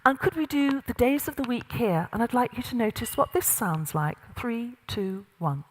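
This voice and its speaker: A middle-aged woman runs a live workshop, calling out exercises and directions to a seated group. Her voice sits fairly high. The sound rings with the long reverb of a large hall. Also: normal speed, slight background noise. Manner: lively, directive, demonstrating with exercises. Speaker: voice and presence coach. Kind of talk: interactive workshop instruction. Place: large room with an audience.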